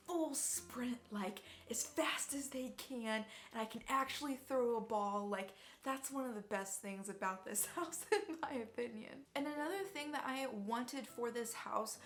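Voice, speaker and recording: A woman's voice: a little high, measured pace, few pauses. A young woman telling a personal story in a chatty, rambling way, sincere and emotional at times. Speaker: vlogger.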